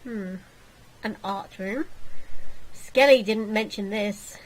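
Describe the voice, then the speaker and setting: A woman's voice: mid-range voice, slow, low-quality recording. A woman hosting a game playthrough, reading the text aloud with playful, jokey asides. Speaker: let's play host.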